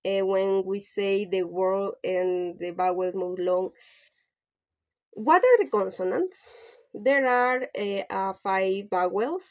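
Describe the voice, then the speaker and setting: A woman teaching pronunciation, reading lesson points aloud in a halting way, with frequent pauses and filler sounds. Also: medium pitch, dull audio. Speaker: English teacher.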